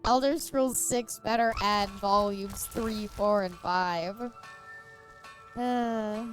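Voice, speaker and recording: A woman's voice: mid-range voice, slow, soft background music. A woman streamer chatting casually and joking while reading aloud, often laughing. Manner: giggly, joking. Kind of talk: casual chat while reading in-game book.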